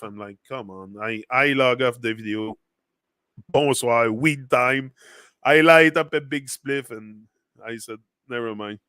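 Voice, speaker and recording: A man with a French accent, a native French speaker, hosting a casual motivational livestream. His voice is bright and forceful, in a dry, close sound. He rambles loosely, circling back with fillers and restarts. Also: mid-range voice, clear, resonant tone, no echo. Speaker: livestream host.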